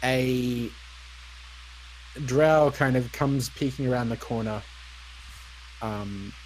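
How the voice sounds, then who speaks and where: A young man narrating as dungeon master, relaxed and hesitant, with frequent ums and uhs. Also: mid-range voice, slight background noise, low-quality recording. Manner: unhurried, lots of ums and uhs. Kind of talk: narrating a tabletop game.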